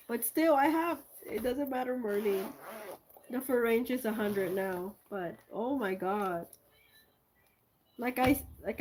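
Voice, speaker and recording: A woman chatting casually as she unboxes gifts for her video, gushing and excitable, swinging between loud squeals and soft, hushed thanks. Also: mid-range voice, a little hiss or hum. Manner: gushing and excitable, many exclamations. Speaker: art vlogger.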